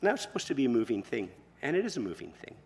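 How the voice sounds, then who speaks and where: A man preaching a sermon as pastor, expressive, moving between quiet, soft passages and loud emphatic ones. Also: medium pitch, very fast, long reverb tail, slight background noise.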